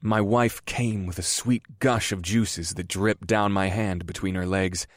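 A man narrating a first-person audiobook in a slow, measured reading. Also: sits low, steady tone, dry recording, clean studio sound.

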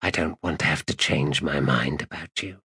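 A man voicing a cold, controlled stranger who threatens an assassin in an audiobook, in a raspy near-whisper. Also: extremely low pitch, normal speed, pushed and bright, no echo, studio quality, pitched below the performer's own voice, exaggerated voice. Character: menacing mysterious male stalker, cold and controlled. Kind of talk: audiobook narration.

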